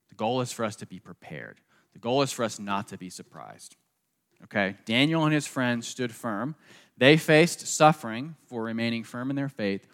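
This sermon comes from a man of medium pitch whose slightly bright voice trails off into a long reverb tail. He's a pastor from the southeastern US with a faint Southern accent, earnestly repeating phrases and ending points with "okay?".

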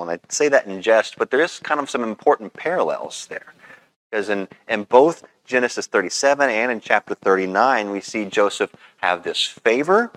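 A man preaching a sermon as pastor, in a relaxed, conversational way with frequent pauses. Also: mid-range voice, dry recording, poor audio.

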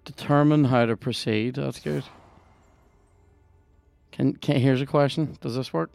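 A man with a Northern Irish accent, hosting a podcast and commenting on a video game in a sweary, excitable, jokey way. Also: medium pitch, measured pace, vocal fry, dry recording. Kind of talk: casual gameplay commentary.

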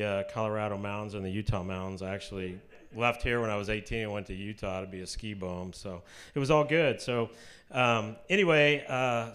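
A man in his fifties from Kansas City, speaking as a guest at a church gathering in a chatty, joking way, with lots of ums and asides into a mic. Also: on the low side. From Kansas City, USA. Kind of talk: casual church talk to a live audience. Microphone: handheld or stand mic at a live talk.

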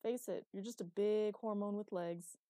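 A woman's voice: medium pitch, fairly even intonation, normal speed, warm tone, no room sound, studio quality, natural voice. A woman voicing a blunt, protective young man, dismissive toward his brother. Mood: dry.

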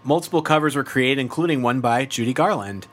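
A man co-hosting a casual podcast, rushing through song trivia and laughing often. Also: medium pitch, a bit bright, slight background noise. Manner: rushed, laughing, trivia-heavy.

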